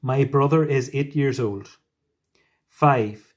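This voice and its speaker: A man teaching a Spanish lesson, explaining patiently step by step with gentle asides. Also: medium pitch, unhurried. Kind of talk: recorded classroom lesson.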